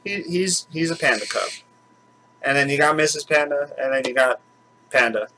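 A man with a bright, forward voice chats casually at home as host of his own channel. He rambles, circling back with fillers and restarts. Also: on the high side, moderate pace, a little hiss or hum, rough recording. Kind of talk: casual chat.

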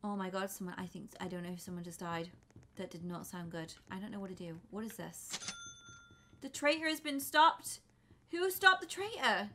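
A young woman giving flustered, excitable commentary while playing a game, often breaking into screams. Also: medium pitch, normal speed, noisy background. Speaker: gaming YouTuber. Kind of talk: let's play commentary.

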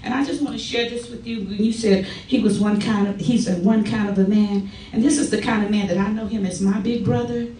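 A middle-aged woman giving a personal testimony at a church service, telling stories in a lively way and acting out the quotes. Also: mid-range voice, brisk, hardly any pauses. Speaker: church member giving a tribute. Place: church sanctuary. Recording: echoey church from far off.

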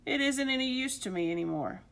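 A woman's voice: high voice, lively intonation, a little fast, gravelly, fairly bright tone, voice pushed up, heavily acted. A woman voicing a kindly, fussy old man in a storybook read-aloud. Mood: fond. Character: kindly old man fretting over his hat.

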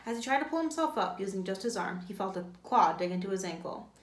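A woman's voice: medium pitch, lively intonation, fast talker, a little hiss or hum. A woman, a teacher, reading a novel aloud, with occasional slips and self-corrections. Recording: echoey room.

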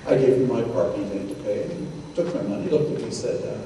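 This older male guest lecturer speaks fast and expressively at medium pitch, with noticeable vocal fry. His storytelling lecture in a synagogue hall is anecdotal and conversational, full of quoted dialogue, and the noisy recording comes from a distant mic in the echoey room.

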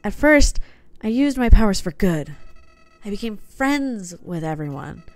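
A woman's voice: mid-range voice, sing-song, a little slow. A woman reading game dialogue aloud, putting on a voice for a sinister, soulless talking flower that is cold and manipulative. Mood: coldly confiding. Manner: reads game dialogue aloud in a put-on voice, slightly theatrical.

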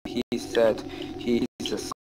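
A man with a Serbian accent chatting casually while gaming, curious and halting, asking questions. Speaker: gamer chatting with friends. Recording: loud background noise.

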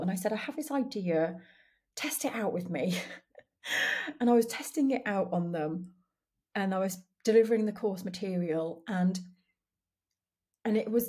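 A woman's voice: mid-range voice, darkish tone, husky. A woman hosting her own podcast from her dining room, talking candidly in a reflective solo monologue, often restarting sentences and laughing at herself. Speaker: podcast host.

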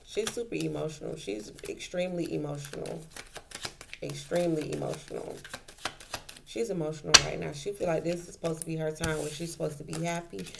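A woman's voice: sits low, steady tone, quick pace, gravelly, hardly any pauses, very noisy. A woman doing a casual tarot reading, talking in a colloquial way and repeating her points for emphasis. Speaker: tarot reader.

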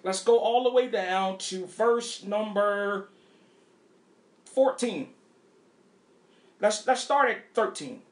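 A woman pastor teaching a Bible study in an animated way, asking rhetorical questions and spelling out words. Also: mid-range voice, slow, pauses often, roomy sound.

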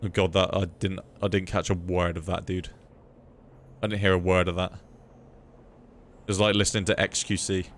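A man's voice: low-pitched, level tone, moderate pace, pauses often, slight background noise. A young man streaming a game, chatting casually, swearing freely and reading chat aloud. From United Kingdom. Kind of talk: casual live gameplay commentary.

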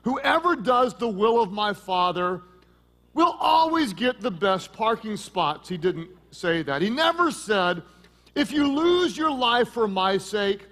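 A middle-aged man preaching a sermon as pastor, joking and lively, with sudden loud peaks. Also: high-pitched.

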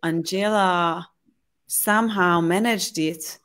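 A woman's voice: fairly low pitch, slow pace. A woman from Hungary, an English speaker, hosting a casual conversation and telling stories with animation. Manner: animated, lively storytelling. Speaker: host.

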